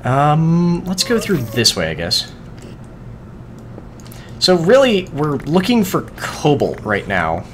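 Excitable swearing man narrating his gameplay. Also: fairly high pitch, slow, long pauses, a little hiss or hum. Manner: excitable, swears often, talks to the game's creatures. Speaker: gaming video host. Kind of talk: casual let's-play commentary.

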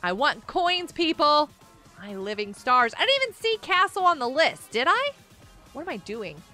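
High, lively, bright-voiced woman streamer. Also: normal speed, soft background music. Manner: chatty, reads chat aloud, excitable outbursts. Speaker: live-streaming gamer. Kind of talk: casual live-stream chat while playing.

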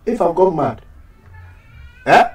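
An actor with a Nigerian accent playing an indignant, scheming young boyfriend in a Nollywood film. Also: male voice, fairly high pitch, big pitch swings, slow pace, faint music behind. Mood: angry. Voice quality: emphatic, rambling and accusing. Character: bitter scheming young man, loud and indignant. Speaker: jilted boyfriend. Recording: echoey room, voice from far off.

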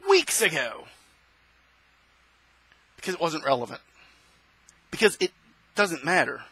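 A male host delivering an impassioned opinion monologue, preaching and rising to shouts. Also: fairly high pitch, no room sound, low-quality recording.

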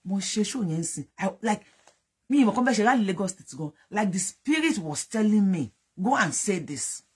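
Yoruba-accented political commentator, very husky and rough, fervent and accusatory, repeats for emphasis. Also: medium pitch, animated, fairly quick, darkish tone. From Nigeria. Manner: fervent, accusing, switches between English and Yoruba.

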